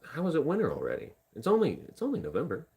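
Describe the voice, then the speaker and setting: A man's voice: on the high side, huge pitch swings, fast talker, gravelly, a little mellow, slightly rough. A young man from Indiana chatting casually on a live stream, rambling and joking at himself while talking to chat and his dog. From Indiana, USA. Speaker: livestreamer.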